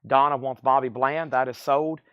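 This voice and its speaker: A man running a livestream vinyl record auction with a quick, steady patter of grades, prices and bids, coughing now and then from allergies. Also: mid-range voice, smooth, no room sound, lo-fi sound. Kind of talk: fast live-sale patter.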